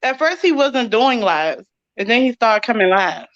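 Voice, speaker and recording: A woman in her thirties co-hosting a casual livestream chat, relaxed and laughing often. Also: a little high, normal speed, no echo. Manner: relaxed, laughs often, says "you know what I'm saying". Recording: dull dry lo-fi audio.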